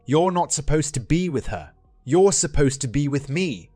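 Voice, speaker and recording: A man's voice: on the high side, expressive, normal speed, warm tone, dry recording, soft background music, pitched above the performer's own voice. A man voicing a desperate young woman, the narrator's ex, pleading to be taken back. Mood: possessive. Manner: earnest, begging.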